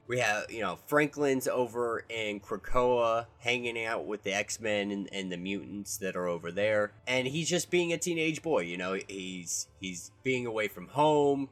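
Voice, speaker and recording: A man's voice: lowish voice, fairly bright tone. A man casually recapping a comic book issue, rambling along with many restarts. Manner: rambling, with lots of fillers and restarts.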